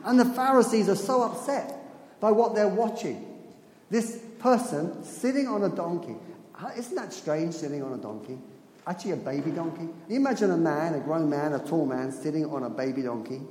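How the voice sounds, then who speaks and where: A man preaching a sermon, telling stories in an animated way and laughing at his own asides. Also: a little high, normal speed. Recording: echoey hall with long reverb.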